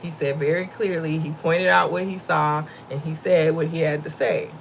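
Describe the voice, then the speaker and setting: Low gravelly woman giving a faith talk. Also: steady tone, moderate pace, a little hiss or hum, poor audio. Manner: conversational and preachy, addresses listeners as y'all; laughs often while talking. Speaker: livestream host giving faith-based encouragement. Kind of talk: casual faith talk to viewers.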